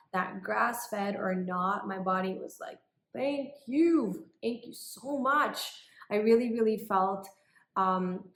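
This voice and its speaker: A woman's voice: medium pitch, echoey room. A woman casually telling a personal story in a vlog, chatty with lots of filler words. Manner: chatty, many "like" and "um" fillers, animated retelling. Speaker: vlogger.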